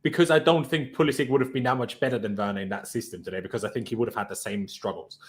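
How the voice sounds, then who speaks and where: Brief: male panel host, rapid-fire delivery, even middle pitch, relaxed chat over a video call. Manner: fast, chatty, hands the floor to others. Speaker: host of a fan reaction panel.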